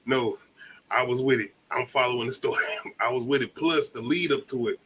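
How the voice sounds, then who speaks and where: A man's voice: medium pitch, brisk, a bit bright, a little hiss or hum. A man from the American South co-hosting a movie review, talking in loose, profane, laughing banter. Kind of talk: casual chat.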